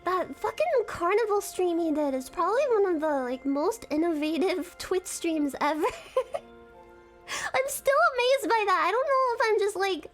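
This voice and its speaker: Very high-voiced giggly woman streamer. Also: expressive, moderate pace, faint music behind. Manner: giggly, rambling, self-conscious fangirling. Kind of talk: casual live-stream chat.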